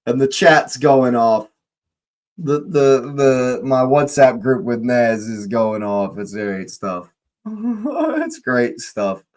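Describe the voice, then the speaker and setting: A young man hosting a live football watch-along, excitable, laughing often and repeating his phrases. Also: medium pitch, takes it slowly.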